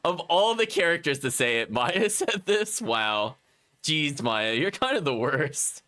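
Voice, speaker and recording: Male streamer, casual chatty commentary, very animated, bright tone. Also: a little high, measured pace, a little hiss or hum. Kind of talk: casual let's-play commentary.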